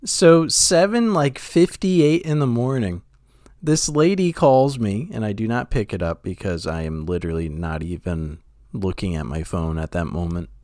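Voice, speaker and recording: A young man co-hosting a casual podcast, an animated storyteller who laughs often. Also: fairly low pitch, moderate pace, no room sound, studio quality. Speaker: podcast co-host.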